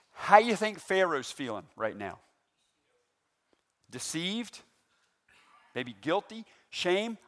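A man preaching a sermon, animated and full of rhetorical questions to the congregation. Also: sits high. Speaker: pastor.

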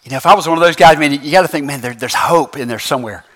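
A man's voice: a little high, racing. A man preaching a sermon in a church, in a loose, conversational way, tossing in slangy phrases and frequent "right?" checks with the congregation. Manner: lively, conversational preaching with constant "right?" asides. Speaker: pastor.

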